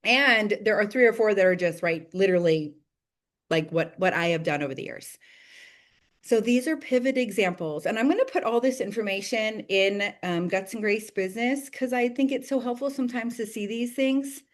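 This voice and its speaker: An enthusiastic woman in her thirties leads her team call in a chatty, motivational way. Her voice sits at an ordinary middle pitch, and she fills her talk with casual asides and quick laughs. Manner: chatty and enthusiastic, many "like"s and "you guys"; bursts of laughter and excited acted-out quotes. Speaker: team leader of a direct-sales group.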